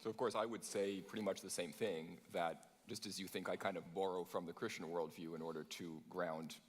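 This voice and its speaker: A man, a humanist, debating on stage in front of a live audience; he questions his opponent in sudden quick bursts. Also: low-pitched, steady tone. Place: large conference hall on stage. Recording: long hall reverb.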